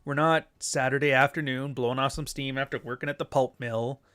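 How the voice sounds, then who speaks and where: A man's voice: fairly even intonation, brisk, fairly bright tone, clear, resonant tone. Blunt nasal Canadian man. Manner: blunt, crude and sardonic, with sudden high-pitched outbursts. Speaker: podcast host. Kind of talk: casual monologue.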